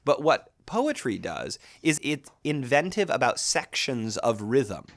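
A man in his thirties lecturing on poetry as a literature teacher, thoughtful and animated, thinking aloud with small restarts. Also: mid-range voice, unhurried.

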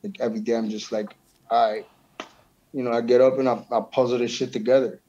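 A man's voice: mid-range voice, flat delivery, quick pace, warm tone, dull audio, a little hiss or hum. Slangy man, loose casual chat. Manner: loose slangy talk, swears often, says bro a lot. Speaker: musician guest.

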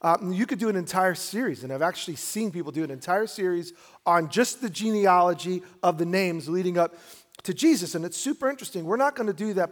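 A man's voice: high-pitched, fairly quick. A man preaching a sermon in a church, talking conversationally and building to emphatic peaks. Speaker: pastor. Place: church sanctuary.

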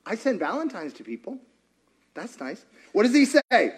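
A man preaching a sermon as pastor, animated and playful, firing questions at the congregation and acting out voices. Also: sits high, normal speed, husky. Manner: animated, asks the crowd many questions; playful, acts out quoted voices.

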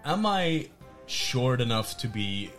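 A man with a mid-range voice chats playfully as a player in a tabletop game, laughing at his own jokes. Music is clearly heard underneath. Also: medium pitch, very animated, takes it slowly, a bit bright. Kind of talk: casual tabletop game chat.

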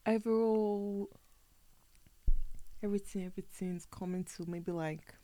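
A woman's voice: mid-range voice, a little slow. A young woman, a recent bride and podcast guest, chatting casually and agreeing easily. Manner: relaxed, agreeable, short replies. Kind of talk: casual chat.

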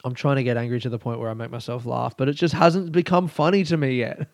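A man's voice: medium pitch, steady tone, fast talker, few pauses, no echo, clean studio sound. A young man, a comedian rambling through a casual solo podcast, swearing and ranting in mock anger. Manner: rambling, sweary, mock-angry with bursts of laughter.

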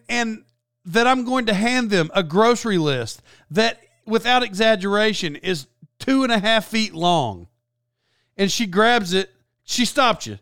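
Rambling high-voiced man, close and dry. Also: clear, resonant tone, no room sound. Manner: rambling, animated, with many restarts and side notes. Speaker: YouTuber. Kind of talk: casual storytelling vlog.

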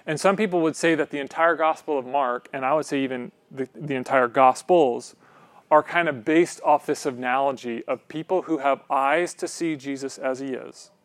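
A man's voice: mid-range voice, moderate pace, dry recording. A man preaching a sermon in a conversational way, often checking in with "right?".

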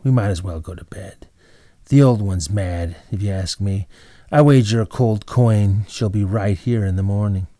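A man's voice: fairly low pitch, moderate pace, warm tone, no echo, studio quality, natural voice. A man voicing a contented, plain-spoken old innkeeper. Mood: blunt.

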